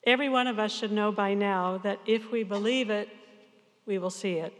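A woman in her sixties, a pastor, giving an earnest, measured sermon to her congregation. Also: mid-range voice, fairly even intonation, in a large hall. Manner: earnest, measured farewell address.

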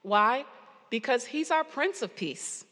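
A woman preacher giving a sermon, earnest and storytelling with pauses, in a church sanctuary. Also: on the high side, expressive, bright, forceful tone. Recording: long hall reverb.

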